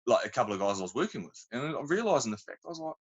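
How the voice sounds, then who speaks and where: A man's voice: mid-range voice, very animated, racing, highs cut off. A man with a New Zealand accent, a podcast guest telling long rambling stories in a casual, slangy way. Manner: rambling, self-interrupting anecdotes with colloquial slang. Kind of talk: casual storytelling chat.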